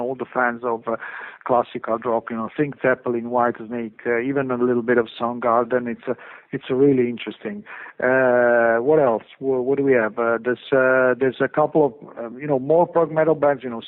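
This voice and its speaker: A man speaks as an interview guest over a thin, phone-like line. He talks haltingly, restarting phrases and filling gaps with "uh" and "you know". His voice sits at an ordinary middle pitch. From Italy. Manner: halting, many fillers and restarts. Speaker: record label guest.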